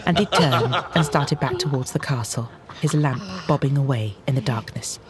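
A man narrating a children's storybook in a measured, expressive reading. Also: mid-range voice, over loud music. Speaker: audiobook narrator.

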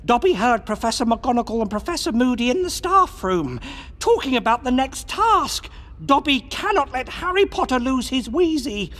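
A man's voice: extremely high pitch, very animated, normal speed, a bit bright, voice pushed up, full character voice. A man voicing an eager, servile male house elf in an audiobook reading. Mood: earnest. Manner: servile, addresses everyone as sir. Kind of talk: audiobook character voice.

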